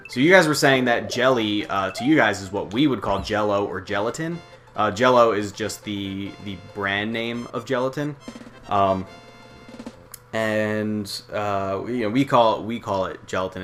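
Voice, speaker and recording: A man's voice: on the low side, fairly bright tone. A young American man casually commenting on a video game as he plays, rambling and swearing with joking asides. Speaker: let's play host. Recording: game music playing under the voice.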